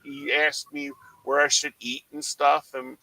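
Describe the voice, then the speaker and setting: Bright animated man from South Jersey. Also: on the high side, measured pace, no echo, poor audio. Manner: animated storyteller who acts out his mom's lines. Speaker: watch party co-host. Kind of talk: casual storytelling chat.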